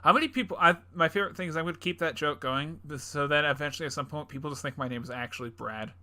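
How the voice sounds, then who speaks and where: A man's voice: on the high side, racing, bright, forceful tone. A young man co-hosting a podcast in casual chat, jokey and rambling, laughing often. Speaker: podcast co-host.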